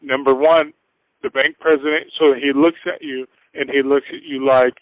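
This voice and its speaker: A man's voice: mid-range voice, flat delivery, moderate pace, no room sound. A man talking as a guest on a radio show, earnest and casual, giving step-by-step business advice. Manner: earnest, acts out little scenes in voices. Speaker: finance guest. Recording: tinny phone-like dry sound.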